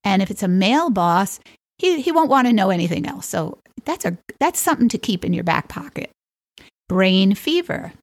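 A woman's voice: medium pitch, no echo. A woman hosting a solo podcast, reading down a list and dropping wry, playful asides with the odd chuckle. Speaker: podcast host.

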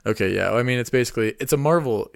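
A man's voice: medium pitch, fast, vocal fry, no echo, studio quality. A young man co-hosting a podcast, talking in a playful, rambling, joking way as he shares his theories. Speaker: podcast co-host. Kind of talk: casual chat.

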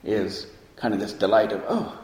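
Low-voiced man giving a reflective dharma talk. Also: lively intonation. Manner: reflective, unhurried, pausing often with soft fillers. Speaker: meditation teacher. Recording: roomy hall with long reverb.

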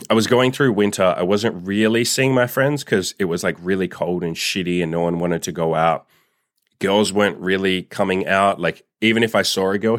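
Deep-voiced man in a candid, profane chat. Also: no echo, clean studio sound. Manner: candid and profane, heavy use of "like". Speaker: vlogger. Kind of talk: casual storytime monologue.

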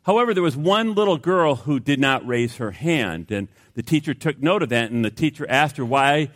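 A middle-aged man preaching a sermon. He opens with a folksy joke and then prays in a hushed, earnest voice. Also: mid-range voice, lively intonation, moderate pace. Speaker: pastor.

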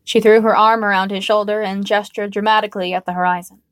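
Woman narrating a story, calm even reading, mid-pitched, dry close mic. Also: fairly quick, no room sound. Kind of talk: storybook narration read aloud.

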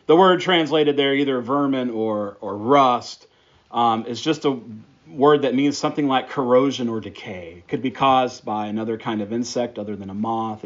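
A man's voice: mid-range voice, highs cut off. A man preaching a sermon, praying and then teaching through a Bible passage with emphatic, repeated phrases. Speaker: pastor.

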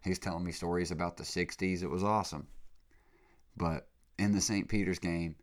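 A young man with a very deep voice hosts a laid-back podcast monologue. He sounds congested from being sick. He rambles excitably and leans on slang fillers. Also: normal speed. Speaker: podcast host. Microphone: podcast mic.

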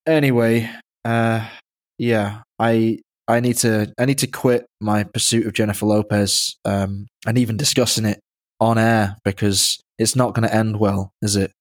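A man's voice: on the low side, level tone, normal speed. A man with an English accent hosting a podcast, joking in a dry, self-mocking way. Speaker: podcast host. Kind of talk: casual podcast banter.

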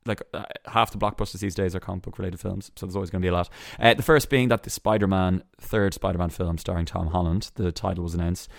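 A man hosting a solo entertainment news podcast, chatty and sarcastic, full of quick asides and restarts. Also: sits low, fairly even intonation, vocal fry, no room sound, clean studio sound. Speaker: podcast host.

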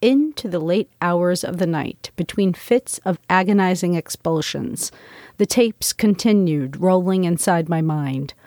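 A woman's voice: fairly low pitch, a little slow, a little mellow, no echo, clean studio sound. A woman reading her own memoir aloud in the first person, with an intense, dramatic storytelling delivery. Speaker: memoir narrator.

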